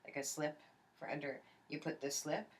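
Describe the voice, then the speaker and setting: A woman's voice: low voice, moderate pace, low-quality recording. A young woman interviewing her mother in a casual family chat, telling stories with lots of restarts and acted-out quotes. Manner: animated storytelling, acts out quoted voices, many restarts. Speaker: interviewer, adult daughter.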